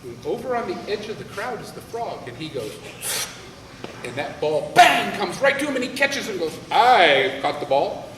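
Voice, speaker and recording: A man telling a folktale aloud in an animated way, with dramatic pauses. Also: high voice, slight background noise. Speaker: storyteller. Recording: echoey hall, voice from far off, faint ambience.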